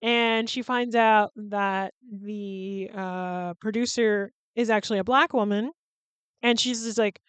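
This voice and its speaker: A woman's voice: mid-range voice, steady tone, unhurried, smooth, dry recording. A woman hosting a podcast in casual chat, candid and chatty, swearing freely and laughing between sentences. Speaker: podcast host.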